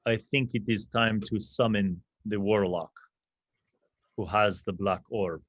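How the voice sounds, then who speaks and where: A man's voice: lowish voice, slow pace, dry recording. A man voicing a formal male duke who makes plain, decisive statements. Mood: calm.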